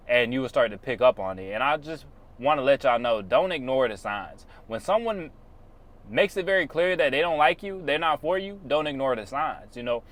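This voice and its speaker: A man's voice: medium pitch, a bit bright. A man on his own channel giving blunt, preachy motivational advice in casual, slangy speech. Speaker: YouTuber.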